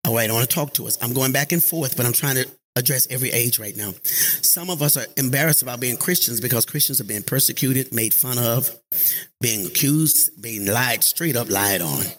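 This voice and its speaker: A man preaching a sermon in church, lively, calling on the congregation and rising to shouts. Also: medium pitch, fairly quick. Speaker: pastor. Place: church sanctuary.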